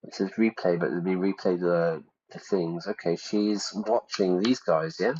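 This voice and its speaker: A man's voice: sits low, steady tone, a little slow, darkish tone. A man, an English teacher, casually commenting on a game while explaining vocabulary, with jokey, playful asides. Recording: dull lo-fi sound.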